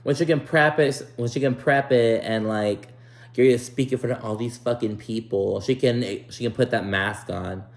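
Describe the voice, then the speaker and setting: A man's voice: medium pitch, moderate pace, creaky, roomy sound. A man casually recapping a reality TV show, opinionated and profane, with lots of "like" and "um". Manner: chatty, profane, opinionated, full of likes and ums.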